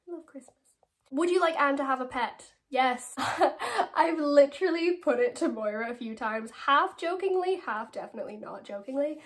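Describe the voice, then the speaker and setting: A young Irish woman in her late teens, an actress working through fan questions. She has a slightly high voice, rambles cheerfully and giggles often between answers. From Ireland. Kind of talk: casual Q&A.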